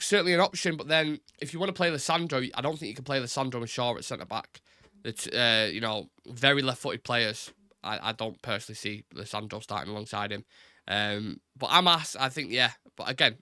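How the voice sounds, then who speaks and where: A young man hosts a relaxed live football stream and talks in loose, stop-start phrases that often double back on themselves. His voice has a sharp, forward edge. The sound is close and dry, with no room tail. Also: medium pitch, no echo. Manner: chatty, repeats words, says "innit", reads chat aloud.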